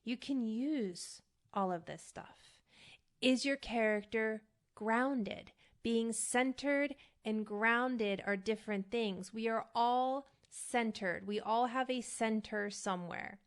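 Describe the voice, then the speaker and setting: A woman's voice: fairly high pitch, slow. A woman host coaching actors in a casual teaching monologue, talking conversationally and often checking in with "right?". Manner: conversational, frequent "right?" check-ins, emphatic. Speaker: acting coach and podcast host.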